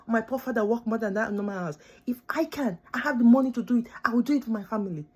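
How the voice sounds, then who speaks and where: A woman's voice: fairly high pitch, fast, few pauses, husky. A young woman, a student born abroad, venting in an impassioned, pleading rant to camera, repeating herself for emphasis. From born outside the country she lives in. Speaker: vlogger. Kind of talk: emotional direct-to-camera rant.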